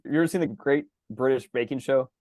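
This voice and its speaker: A man co-hosting a podcast in casual chat over a video call. He gets animated, swears freely and acts out exaggerated reactions. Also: mid-range voice, fairly quick, no echo. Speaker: podcast co-host.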